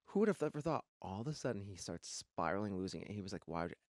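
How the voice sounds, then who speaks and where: A man co-hosting a podcast in a studio, an animated storyteller who acts out other people's lines in casual chat. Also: lowish voice, fast, dry recording. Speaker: podcast co-host.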